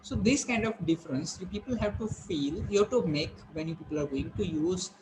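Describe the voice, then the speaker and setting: Male lecturer, slightly high voice, patient step-by-step classroom delivery, faint hum behind. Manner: explains step by step, repeats key points, slows to stress words. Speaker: teacher.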